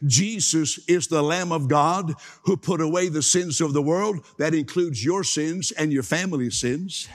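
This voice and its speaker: A man's voice: on the high side, moderate pace, few pauses, in a large hall. A man preaching a sermon, emphatic, repeating key phrases and asking the congregation to say them with him.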